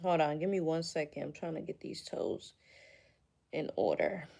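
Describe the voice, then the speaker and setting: A woman's voice: low-pitched, big pitch swings, moderate pace, creaky, mellow. A woman on a casual livestream, talking back to viewer comments in a mocking, profane, sassy way.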